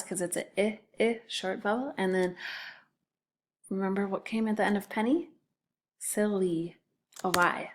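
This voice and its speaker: Unhurried woman teacher, patient, breaks words into syllables for young spellers. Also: medium pitch, a little hiss or hum. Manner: slow, patient, sounding out syllables. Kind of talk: spelling lesson for children.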